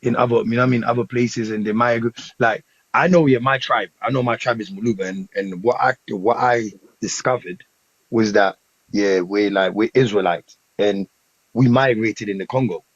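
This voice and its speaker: A man's voice: on the low side, fairly even intonation, moderate pace, breathy edge, no echo. A man hosting a casual podcast debate, rambling and repeating phrases, often asking "you know what I'm saying", in a dull lo-fi recording. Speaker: podcast host.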